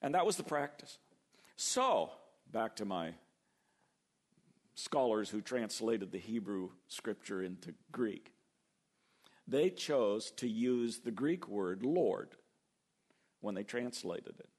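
An older man preaching a sermon, lively and acting out the quoted voices as he goes. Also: fairly low pitch, takes it slowly, pauses often. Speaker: pastor.

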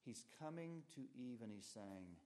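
Male preacher, mid-pitched, emphatic sermon delivery with big swings in pitch and loudness. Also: animated, a little slow. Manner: emphatic, rises and falls sharply in pitch and volume.

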